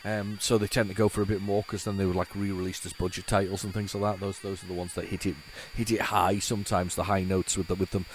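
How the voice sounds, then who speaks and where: A man's voice: low-pitched, level tone, fast, few pauses, slight background noise. Chatty man testing old tapes. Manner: chatty, rambling, addresses viewers directly. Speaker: retro computing channel host. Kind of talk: casual chat to viewers while testing old tapes.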